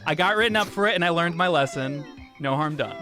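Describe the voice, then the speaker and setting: A man's voice: on the high side, fast, over music. A man co-hosting a gaming stream, joking and mock-innocent as he plays. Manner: joking, mock-innocent, cracking jokes at himself. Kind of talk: casual gameplay chat.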